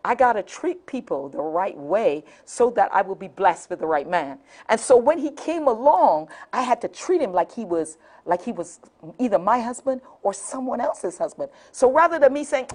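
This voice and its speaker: Animated woman hosting a call-in show. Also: fairly high pitch, normal speed. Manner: animated storyteller, laughs often, repeats phone numbers. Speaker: talk show host. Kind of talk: lively call-in show talk.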